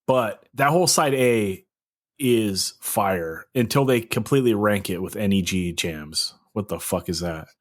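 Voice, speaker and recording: A man with a somewhat low voice hosting a music podcast. He talks casually and enthusiastically, swearing now and then and leaning on fillers. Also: measured pace. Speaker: podcast host. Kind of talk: casual chat.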